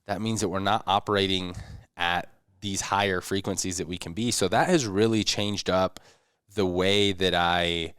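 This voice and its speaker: A man co-hosting a podcast in casual chat, laughing easily and getting animated when telling stories. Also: low voice, moderate pace, clean tone, no room sound, studio quality. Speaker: podcast co-host.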